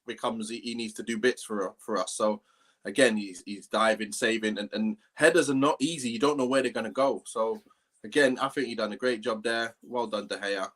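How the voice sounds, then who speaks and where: A man's voice: lowish voice, fairly bright tone. A man co-hosting a casual football chat, earnest and talking in long runs. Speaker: podcast co-host.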